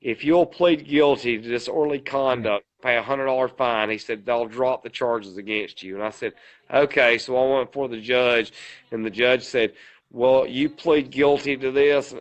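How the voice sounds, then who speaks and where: A man's voice: mid-range voice, normal speed, highs cut off. A man, co-hosting a podcast, who tells a long story in a rambling way and quotes every line with "he said, I said.". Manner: rambling retelling with many "he said, I said" quotes. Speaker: podcast co-host. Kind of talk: casual storytelling.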